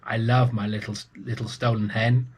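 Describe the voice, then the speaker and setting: A man voicing a greedy, booming male giant in a children's storybook reading, chanting slowly and menacingly. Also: level tone, slightly rough, muffled recording, natural voice.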